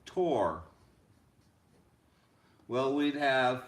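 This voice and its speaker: A man teaching a rhythm lesson as a music teacher, chanting rhythm syllables over and over in a steady beat. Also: mid-range voice, slow, long pauses. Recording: echoey room.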